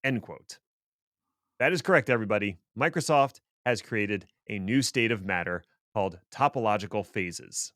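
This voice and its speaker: A man's voice: lowish voice, normal speed, fairly bright tone, no room sound. A man co-hosting a tech podcast, explaining things casually with dry, sarcastic asides. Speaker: podcast co-host.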